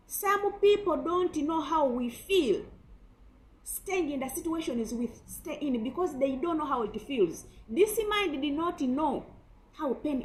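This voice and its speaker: High, animated woman preacher. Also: poor audio. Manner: emphatic, many rhetorical questions. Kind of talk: sermon.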